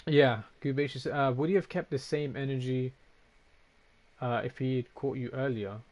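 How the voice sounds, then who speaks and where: A man's voice: medium pitch, steady tone, normal speed, darkish tone. A man streaming a game, chatting casually with his viewers, reading out and answering comments, with frequent swearing. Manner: casual, swears often, reacts to chat.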